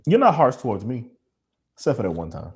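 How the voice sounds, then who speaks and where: A man's voice: mid-range voice, huge pitch swings, brisk, darkish tone. A man co-hosting a podcast, talking in a candid, emotional and profane way and laughing often. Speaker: podcast co-host. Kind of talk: candid casual chat.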